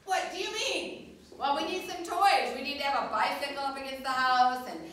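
A woman's voice: high voice, normal speed, fairly bright tone, slight background noise, pitched above the performer's own voice. A woman quoting a blunt, practical male TV director while telling a story to children. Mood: insistent. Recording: echoey hall from a distant mic.

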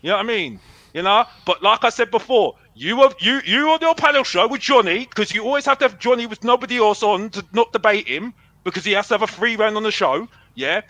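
A man's voice: sits high, lively intonation, fairly quick, bright, forceful tone, no echo, rough recording. A man, a football fan arguing heatedly on a fan show, brash and boastful, repeating himself. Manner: brash, boastful, repeats himself, calls himself Mister Box Office.

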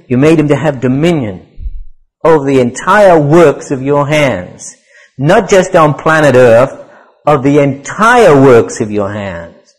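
Emphatic preacher teaching scripture. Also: male voice, fairly high pitch, rough recording. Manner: teaching, explains Hebrew words, quotes scripture; emphatic, repeats key phrases. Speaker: pastor. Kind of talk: sermon.

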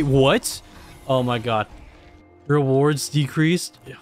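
A man's voice: on the high side, unhurried, faint music behind. A young man commenting on his own gameplay, exasperated and cursing often as he talks to himself. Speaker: gamer.

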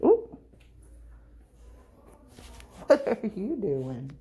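A middle-aged woman, vlogging casually and cooing at cats in a high sing-song voice while talking through a face mask indoors. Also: expressive, unhurried, slightly rough. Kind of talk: casual vlog chat. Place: indoor cat shelter room. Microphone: handheld camera, talking through a face mask.

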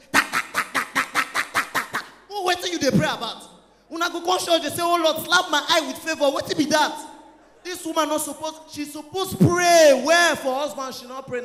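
A man with a Nigerian Pidgin accent doing a loud, animated stand-up set, mixing Pidgin and English. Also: very high voice. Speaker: stand-up comedian. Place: church hall stage. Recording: echoey hall with long reverb.

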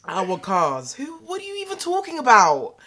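A young British woman vlogging at home, talking straight to the camera in a sassy, animated rant. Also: a little high, moderate pace, very noisy. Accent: British English. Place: indoors at home.

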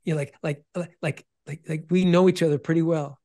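A man telling an emotional testimony about starting his ministry, earnest, often restarting and repeating words, dropping to a hush when quoting. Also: a little high, fairly even intonation, brisk, few pauses. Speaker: ministry founder and guest.

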